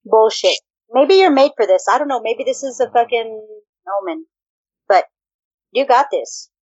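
A woman co-hosts a casual podcast, playful and teasing, laughing, swearing and dropping Spanish phrases into her talk. Her fairly high voice is expressive, husky and darkish, at a moderate pace. The dull lo-fi recording has no room sound.

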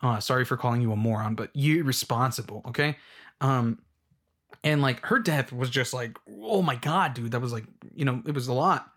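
A man's voice: medium pitch, brisk, a bit bright. Young adult male, casual rant, rambling and fed-up, loose filler-heavy delivery. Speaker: movie fan ranting.

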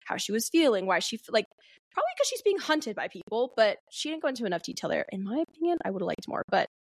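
A woman's voice: a little high, sing-song, quick pace, no room sound. Chatty woman recapping a book, dry sound. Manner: chatty, frequent "um" and "like", reads quotes aloud. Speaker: podcast host. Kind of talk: casual book recap chat.

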